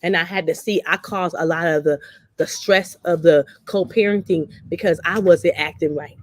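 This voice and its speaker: A woman's voice: fairly low pitch, steady tone, moderate pace, dry recording, studio quality. A woman hosting a talk show, telling personal stories bluntly and animatedly and slipping into the voices of the people she quotes. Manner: blunt, salty. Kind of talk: candid personal storytelling.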